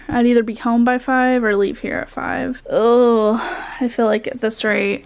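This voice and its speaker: A young woman, a high school art teacher, chatting casually to the camera in a classroom, rambling with lots of fillers. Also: creaky, a little mellow. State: out of breath at times. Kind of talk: casual vlog talk to camera. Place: empty school classroom indoors.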